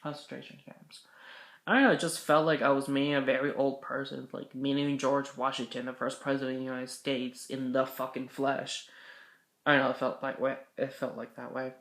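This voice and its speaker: A man's voice: mid-range voice, little pitch movement, fairly quick, fairly bright tone. Rambling young man in an echoey room. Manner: rambling, self-correcting, swears casually. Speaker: vlogger. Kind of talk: casual storytelling.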